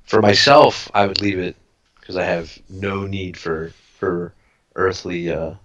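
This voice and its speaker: A man's voice: deep voice, slow, fairly bright tone, lo-fi sound. A man playing a tabletop game, thoughtful and cautious, often restarting his sentences. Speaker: player. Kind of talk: casual tabletop game talk.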